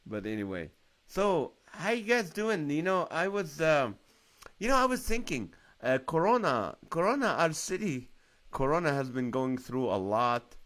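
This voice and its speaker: A man's voice: on the high side, big pitch swings, a little slow, fairly bright tone. A middle-aged man hosting a live stream, telling rambling jokey stories to viewers and laughing often. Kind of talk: casual comedic storytelling to live viewers. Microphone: phone or webcam on a live stream.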